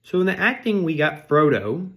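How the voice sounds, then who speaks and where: A man's voice: fairly high pitch, very animated, normal speed, gravelly, fairly bright tone. A man delivering a comedic rant, mock-outraged and sarcastic, insulting his audience. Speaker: vlogger.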